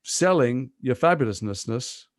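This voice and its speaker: An English man in his fifties, a guest actor in a podcast interview, telling stories quickly with lots of asides. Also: mid-range voice, dry recording. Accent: English, Liverpool and London mix. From England. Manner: fast, animated storytelling with asides.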